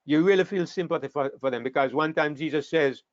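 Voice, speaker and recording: A man teaching an online Bible class, talking in an animated way and sometimes repeating words as he thinks. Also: a little high, brisk, dry recording. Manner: animated, acts out scripture quotes, repeats words while thinking. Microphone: online call microphone. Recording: dull, dry online call audio.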